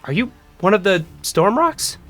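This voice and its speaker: A man's voice: high voice, very animated, unhurried, loud music behind the voice, voice pushed up. A man voicing a scowling, short-tempered male guard sergeant who barks orders and repeats himself. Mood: angry, demanding. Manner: barking, demanding, repeats himself.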